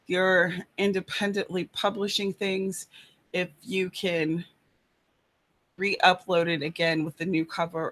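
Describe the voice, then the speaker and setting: Chatty woman writer. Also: lowish voice. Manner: chatty, rambling, many fillers. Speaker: writer hosting a live chat. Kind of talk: casual live-stream chat. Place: apartment room.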